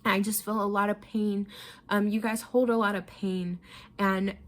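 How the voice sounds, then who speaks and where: A woman's voice: medium pitch, flat delivery, a little slow. A young woman giving a tarot reading, emotional and casual, often repeating herself and swearing freely. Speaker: tarot reader. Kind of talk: pick-a-card tarot reading.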